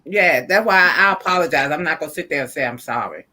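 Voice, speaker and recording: A woman's voice: deep voice, expressive, fast, pushed and bright. A middle-aged woman hosting a casual podcast chat and reading out listener comments, emphatic and prone to repeating words as she thinks. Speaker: podcast host.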